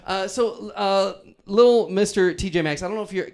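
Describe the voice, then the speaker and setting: A man hosting a comic talk show, halting and stammering in a mock-earnest way. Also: high voice. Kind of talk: improv comedy.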